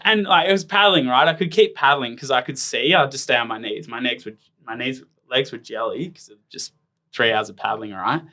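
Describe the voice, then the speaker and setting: Here the Australian ironman from Tasmania, a man in his thirties, rambles through anecdotes as an interview guest, leaning heavily on "like." His medium-pitched voice is fairly quick, pushed and bright.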